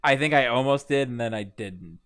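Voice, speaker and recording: A man's voice: mid-range voice, expressive, fairly quick, a bit bright, smooth. Dry-humored male podcast guest. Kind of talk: casual gaming podcast chat.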